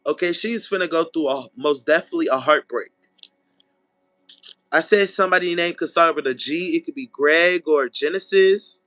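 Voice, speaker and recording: This tarot reader speaks at a fairly high pitch with no room sound, keeping his reading casual, blunt, and profane. He's animated, voicing people's possible lines rapidly, and keeps asking "okay?"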